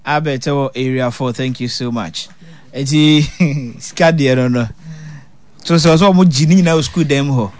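A man hosting a call-in radio show, taking callers and reading out phone numbers slowly. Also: mid-range voice.

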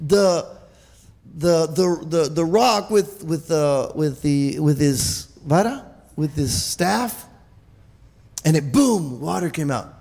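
High, gravelly male preacher. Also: takes it slowly, in a large hall. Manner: animated, restarts often, exclaims hallelujah and amen. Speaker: pastor. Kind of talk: sermon.

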